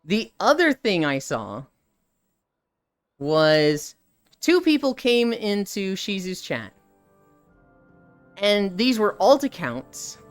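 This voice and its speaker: Brief: woman streamer, animated and profane storytelling, expressive pitch, soft music behind. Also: slow pace, long pauses. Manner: animated, profane anecdote-telling. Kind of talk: casual storytelling on a live stream.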